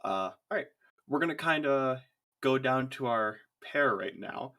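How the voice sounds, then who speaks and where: Relaxed male game master narrating a tabletop session, with an animated, swinging pitch. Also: unhurried. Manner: easygoing, laughs often, loose filler-heavy narration.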